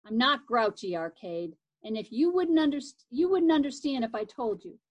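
A woman reading aloud, voicing a brisk, determined older sister in a children's story. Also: a little high, animated, dull audio.

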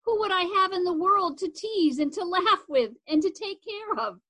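A woman's voice: very high voice, animated, moderate pace, bright, forceful tone, pitched above the performer's own voice, full character voice. A woman voicing a homesick big-sister girl, sobbing and pleading.

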